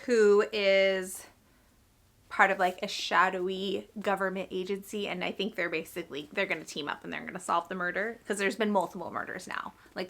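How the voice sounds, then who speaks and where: Woman, casual vlog chat, rambling and chatty, bright forward voice. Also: mid-range voice. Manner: rambling, chatty, self-interrupting. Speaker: reading vlogger; teacher.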